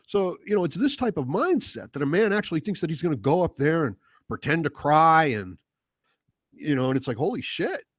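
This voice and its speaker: A man's voice: on the high side, no echo. A man hosting his own vlog, talking off the cuff in a blunt, sarcastic, rambling manner. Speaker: host. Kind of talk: opinion rant vlog.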